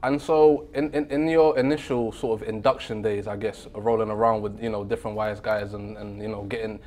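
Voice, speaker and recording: A man's voice: fairly low pitch, fairly even intonation, a little fast, darkish tone, a little hiss or hum. A young man hosting a podcast, interviewing his guest in an eager, deferential way and often hedging his questions. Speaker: podcast host.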